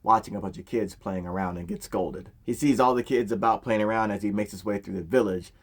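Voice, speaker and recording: Man, casual story recap, slangy, low-pitched, husky. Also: steady tone, a little fast. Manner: slangy, conversational, profane. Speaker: anime recap narrator.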